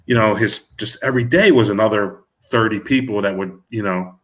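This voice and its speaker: A man's voice: lowish voice, fairly quick. A middle-aged man, a music manager, talking in a casual interview and rambling with many restarts and fillers. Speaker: music manager and producer guest.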